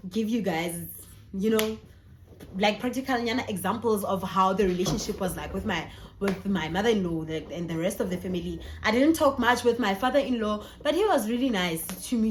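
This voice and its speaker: A young woman with a South African accent telling a personal story in a chatty, animated vlog, slipping in Sesotho phrases. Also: mid-range voice, slight background noise. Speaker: vlogger. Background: faint background music.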